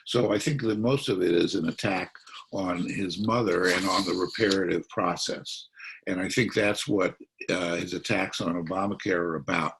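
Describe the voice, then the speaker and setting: A man's voice: deep voice, fairly even intonation, moderate pace, gravelly, a bit bright, husky. A man speaking as a psychiatrist at a political forum, explaining his analysis.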